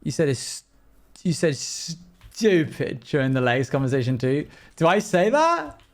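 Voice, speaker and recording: A young male streamer with a high, very animated voice banters playfully with his viewers during a live game stream, firing off quick asides and playful exclamations.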